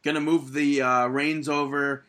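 Young man, bright tone, casual podcast chat, exasperated, opinionated. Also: fairly high pitch, little pitch movement, measured pace. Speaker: podcast co-host.

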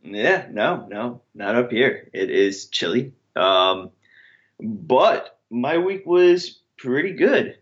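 Man, podcast co-host, slow drawl, goofy joking, dull lo-fi recording. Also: medium pitch, expressive. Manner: goofy, jokey. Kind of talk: casual chat. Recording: dull lo-fi sound.

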